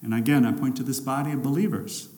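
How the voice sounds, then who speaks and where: A male pastor preaching a sermon, swinging between loud, emphatic lines and hushed, drawn-out ones. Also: medium pitch, fairly even intonation. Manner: dramatic shifts between loud and hushed delivery.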